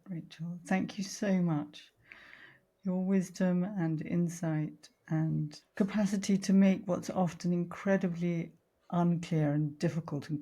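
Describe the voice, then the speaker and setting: A woman hosting a podcast, speaking in a reflective, measured way. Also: fairly low pitch, creaky, mellow, breathy edge. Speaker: podcast host, therapist.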